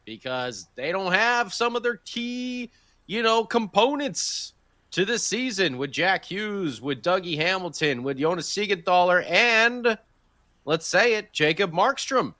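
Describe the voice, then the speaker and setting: A man hosting a sports podcast, giving an energetic, jokey game recap. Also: high-pitched, slow pace, dry recording, studio quality. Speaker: podcast host.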